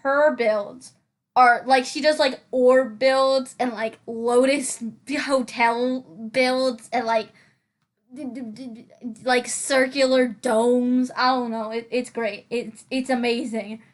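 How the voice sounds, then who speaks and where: Young woman, high voice, rambling casual chat, giggly, filler-heavy, game video voice-over. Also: steady tone, slow. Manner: rambling, giggly, lots of "like" and restarts. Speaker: Sims building channel host.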